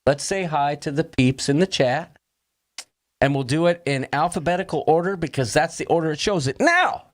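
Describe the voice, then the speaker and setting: A man's voice: fairly high pitch, animated, normal speed. A man hosting a casual livestream chat, jokey and upbeat, reading out viewers' names and throwing in puns. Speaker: host.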